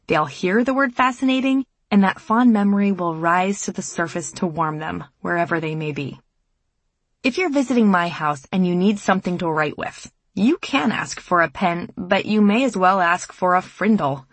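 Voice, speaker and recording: Husky-voiced woman reading an audiobook. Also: lowish voice, no echo. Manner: measured, reflective reading. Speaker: audiobook narrator and mother. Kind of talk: scripted audiobook narration.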